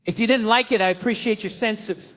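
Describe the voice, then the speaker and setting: Middle-aged stand-up guy on a club stage, highish voice, swears a lot, acts out his kids. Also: fast talker. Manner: profane, animated, mimics his family. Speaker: stand-up comedian. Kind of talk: stand-up storytelling.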